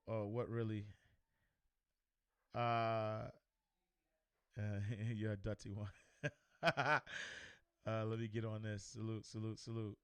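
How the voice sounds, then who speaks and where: Casual livestream host, male, bright and crisp, loose and repetitive delivery. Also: medium pitch, no room sound. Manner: loose, repeats words, shouts out viewers. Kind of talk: casual livestream chat reading comments.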